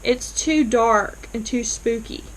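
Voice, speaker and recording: A woman's voice: a little high, slow pace, rough recording. A woman quoting another woman who cautions and reasons, while retelling a TV scene. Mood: cautioning.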